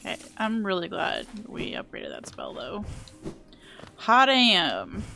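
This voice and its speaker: Give me a playful, self-mocking woman chatting through a live game stream, with a touch of fry. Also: medium pitch, huge pitch swings, takes it slowly, sharp tone, faint music behind. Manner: chatty, self-deprecating, swears casually, playful baby talk.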